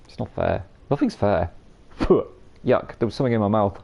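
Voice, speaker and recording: A man's voice: on the low side, expressive, normal speed, creaky, a little mellow, muffled recording. Swearing, bantering male game streamer. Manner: banter-filled, swears freely, teases chat. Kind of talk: live gameplay commentary chatting with viewers.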